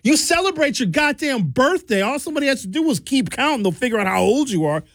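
A man's voice: very high voice, fast, no echo. A man in his fifties talking in a casual monologue, blunt and profane, acting out quotes as he tells stories. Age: 50s. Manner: animated storytelling with acted-out quotes. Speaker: commentator.

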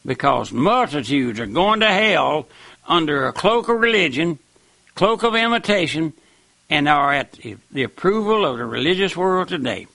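Gravelly, fervent preacher man. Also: a little high, big pitch swings, moderate pace, sharp tone, no room sound. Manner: emphatic, dogmatic, repeats "my friend" and "listen". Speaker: radio preacher. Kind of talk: fervent radio sermon.

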